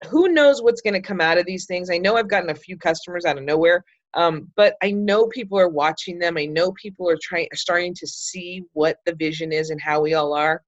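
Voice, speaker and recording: A chatty, enthusiastic middle-aged woman with a fairly low voice leads a group discussion over a video call. She is heard on dull, slightly muffled audio. The sound is dry and close, with no room echo. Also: brisk. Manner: chatty and enthusiastic, with many fillers. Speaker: group leader hosting a book club call. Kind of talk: casual group talk.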